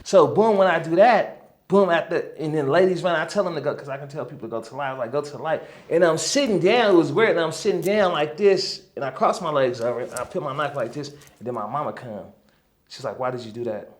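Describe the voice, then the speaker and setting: A man talking as a guest healer in a relaxed interview, telling a long story with lots of energy. His voice sits a little high for a man. He keeps pulling the listener in with "right?" and "you know what I'm saying?". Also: quick pace.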